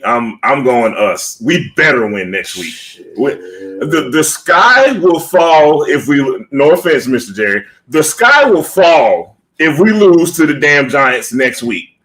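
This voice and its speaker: A man co-hosting a sports podcast, playful and quick to laugh in casual chat. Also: medium pitch, big pitch swings, a bit bright, rough recording. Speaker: podcast co-host.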